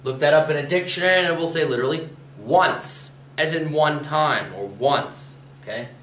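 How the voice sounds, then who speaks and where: A man's voice: a little high, normal speed, a bit bright, a little hiss or hum. A man from Pennsylvania teaching a spoken language lesson, explaining patiently and repeating example phrases. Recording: roomy echo.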